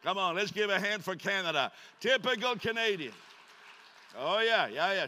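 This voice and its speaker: A man preaching a sermon in a church, animated and joking with his congregation. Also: high voice, moderate pace. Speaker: pastor. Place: church sanctuary. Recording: long church reverb.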